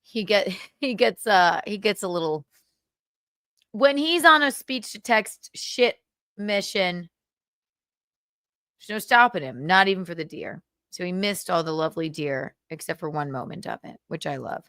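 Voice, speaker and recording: A young woman chats on her livestream in an unhurried, bouncy voice that leaps up and down as she gossips. She laughs often and swears freely. The sound is close and dry. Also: fairly low pitch, animated, a bit bright, no room sound. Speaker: livestream host. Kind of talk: casual livestream chat.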